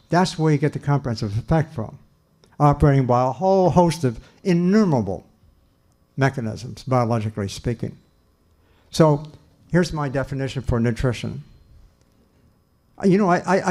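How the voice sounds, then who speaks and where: A man's voice: mid-range voice, dark tone. Older man lecturing earnestly. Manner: earnest, emphatic, repeats phrases with pauses and restarts. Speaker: lecturer, nutrition scientist. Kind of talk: public lecture.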